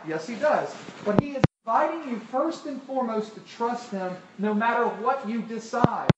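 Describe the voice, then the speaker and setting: A man's voice: extremely high pitch, animated, moderate pace, hardly any pauses. A man preaching a sermon, talking conversationally and asking the crowd rhetorical questions. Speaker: pastor. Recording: echoey hall, distant mic, loud noise.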